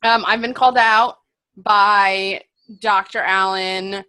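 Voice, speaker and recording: A young woman co-hosting a podcast and running a trivia game, teasing her partner with quick comebacks. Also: mid-range voice, steady tone, bright, forceful tone, clear, resonant tone. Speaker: podcast co-host, trivia quizmaster. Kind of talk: casual chat.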